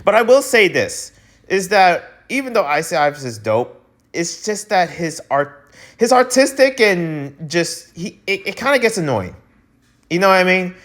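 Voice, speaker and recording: Hosting a vlog about breakdancing news, this American man of Filipino heritage rants casually, restarting sentences often and throwing in exclamations. His high-pitched, fairly bright voice is very animated but keeps a measured pace.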